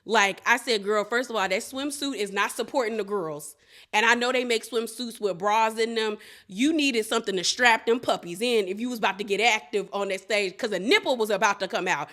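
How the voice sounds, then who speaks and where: A woman's voice: fairly high pitch, a little fast. A woman hosting a casual reality TV recap, talking animatedly and acting out what the cast members said. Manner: animated, laughing, quotes cast members in playful voices.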